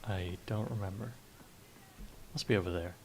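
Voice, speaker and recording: A streamer casually commenting on a story game, with a slow, chuckling delivery and joking asides. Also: low voice, a little mellow, slight background noise.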